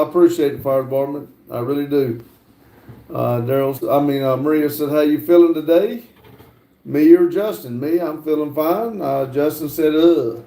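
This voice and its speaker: A middle-aged American man chats casually on a livestream, answering viewer comments between frequent "uh" pauses. His voice sits slightly high but sounds dark and mellow. The room gives it a roomy echo. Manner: halting, fills pauses with frequent "uh". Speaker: livestream host.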